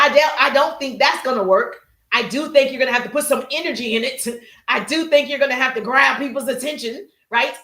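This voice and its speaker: A woman teaching social media business strategy on a live stream, energetic and emphatic, calling out to viewers in the chat. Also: high-pitched, reverberant.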